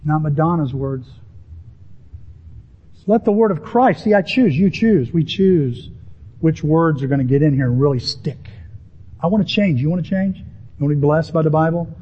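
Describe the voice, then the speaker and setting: Emphatic male pastor mid-sermon, fairly high voice, dull recording. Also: moderate pace, long pauses, breathy edge. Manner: animated, emphatic preaching with rising pitch on key words. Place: church sanctuary with a congregation.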